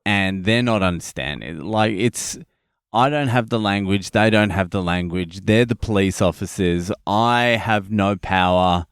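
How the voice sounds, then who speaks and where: A man's voice: on the low side, unhurried, smooth, no echo, studio quality. A man with an Australian accent, hosting a podcast and telling a story in a blunt, profane, casual way. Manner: profane, blunt, animated retelling. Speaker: podcast host.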